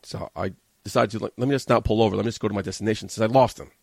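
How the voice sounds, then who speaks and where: A man with a low, gravelly voice rushes through a profane, agitated rant in a podcast studio. He rambles along with plenty of swearing. The sound is dry and close, with no room echo. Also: fairly even intonation, a little mellow. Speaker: podcast host. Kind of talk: casual storytelling rant.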